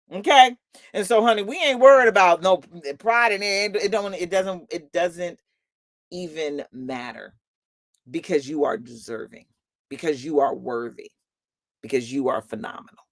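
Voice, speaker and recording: A woman's voice: low-pitched, no echo. A woman hosting a motivational live talk who laughs often and calls her listeners honey and y'all. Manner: laughs often between points. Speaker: host and motivational coach.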